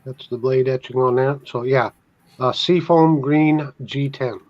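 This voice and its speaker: A man's voice: mid-range voice, fairly even intonation, measured pace, muffled recording. A man joining a casual live chat as a guest, joking and laid-back.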